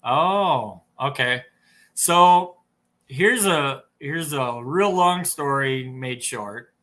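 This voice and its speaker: A snowmobile tuner with an Upper Midwest American accent guests on a podcast, telling long, rambling stories packed with fillers and restarts in a casual interview. His medium-pitched voice is bright and forceful, and he draws out his words.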